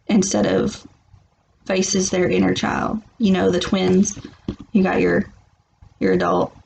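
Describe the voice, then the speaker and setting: A woman's voice: medium pitch, gravelly, darkish tone, a little hiss or hum. A woman giving a casual tarot reading, blunt and rambling, often restarting and laughing. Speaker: tarot reader. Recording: muffled lo-fi recording.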